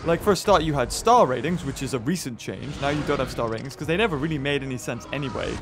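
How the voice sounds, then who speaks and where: A man's voice: medium pitch, animated, fast talker. A man from England, hosting casual let's-play commentary, rambling and chatty with lots of fillers and restarts. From northern England. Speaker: gaming video host.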